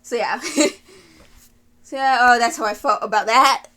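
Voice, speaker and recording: A woman's voice: a little high, unhurried, sharp tone, a little hiss or hum. A woman giving a rambling, gushing anime rant, with frequent sighs, laughs and fillers. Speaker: anime video creator.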